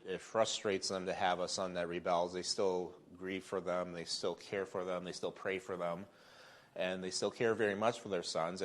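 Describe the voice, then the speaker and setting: A middle-aged man teaching a Bible lesson in a church Sunday School class, speaking conversationally with fillers and restarts. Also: low-pitched.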